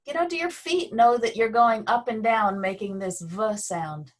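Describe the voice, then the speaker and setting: A woman leads a slow, gentle movement and voice lesson. She speaks over a video call, pausing between cues. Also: a little high. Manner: gentle, slow guiding with pauses. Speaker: Feldenkrais movement instructor.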